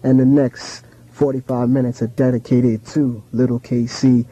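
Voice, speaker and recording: A male radio DJ reading a steady list of shout-outs, rattling off names one after another. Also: mid-range voice, normal speed, husky, no room sound. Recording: dull lo-fi radio recording.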